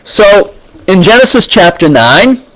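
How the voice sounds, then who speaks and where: Slow, high-voiced man teaching scripture. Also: big pitch swings, fairly bright tone, dry recording, poor audio. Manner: deliberate, pausing often, reads Hebrew phrases and explains them. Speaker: Bible teacher.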